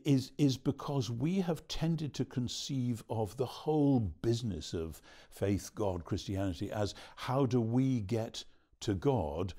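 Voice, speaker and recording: A man being interviewed as a theologian, answering at length in a measured, explanatory way. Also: on the low side, warm tone. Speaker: theologian guest.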